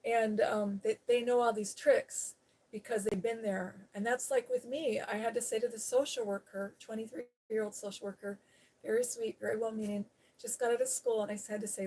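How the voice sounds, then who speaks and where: A woman's voice: fairly high pitch, steady tone, normal speed, dark tone. Frank, rambling woman streamer. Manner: rambling, frank storytelling with frequent "you know"; laughs while talking. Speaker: live-stream host. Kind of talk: casual chat.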